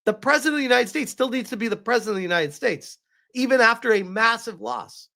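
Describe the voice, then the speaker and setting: A man's voice: extremely high pitch, quick pace, gravelly, bright, forceful tone. Man, live-stream commentator, emotional, rambling, restarts sentences.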